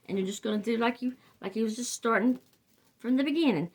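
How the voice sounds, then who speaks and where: An older woman from the Carolinas with a Southern US accent rambles chattily through a wreath-making tutorial, trailing off and restarting. Her voice is a little high, slightly rough, and fairly quick.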